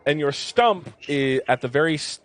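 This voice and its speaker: A man narrating a tabletop game as game master, describing scenes in a relaxed way with plenty of filler words. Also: a little high, normal speed.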